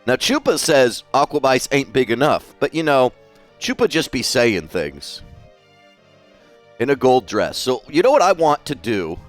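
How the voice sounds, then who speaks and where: Lively, swearing male streamer. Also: medium pitch, unhurried, soft background music. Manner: chatty, swears freely, reads chat aloud. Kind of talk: casual live-stream chat while drawing.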